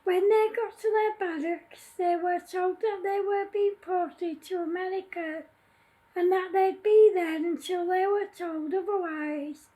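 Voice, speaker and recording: A woman's voice: extremely high pitch, steady tone, measured pace, mellow, low-quality recording. A woman reading her own story aloud in a plain way, with small slips and restarts.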